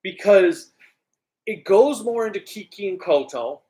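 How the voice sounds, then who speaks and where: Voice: mid-range voice, animated, a little slow, mellow. A co-host in casual chat, critical and insistent about a TV show's writing. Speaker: podcast co-host.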